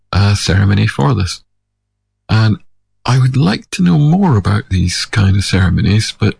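A man musing in a measured, digressive monologue. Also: lowish voice, vocal fry, a little mellow, husky. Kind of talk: reflective monologue.

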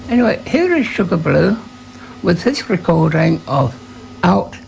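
A radio presenter telling a relaxed anecdote before playing a record, with a few hesitant fillers. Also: mid-range voice, a little slow, vocal fry, slight background noise, poor audio. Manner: relaxed storytelling with fillers and acted quotes.

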